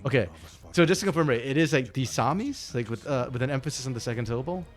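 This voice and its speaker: A man's voice: medium pitch, very fast, faint music behind. A man co-streaming an esports match, chatting casually and rambling, correcting himself as he goes. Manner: rambling, self-correcting, chuckles often. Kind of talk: casual live-stream commentary.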